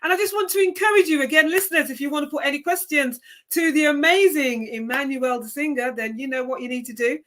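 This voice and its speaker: High, bright-voiced encouraging woman host. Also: fast talker, few pauses. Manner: encouraging, enthusiastic, addresses listeners. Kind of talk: casual interview conversation.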